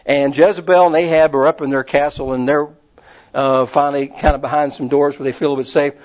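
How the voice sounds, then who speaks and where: A man's voice: fairly high pitch, a little mellow. A man preaching a casual, rambling sermon, retelling stories with many fillers. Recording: muffled lo-fi recording.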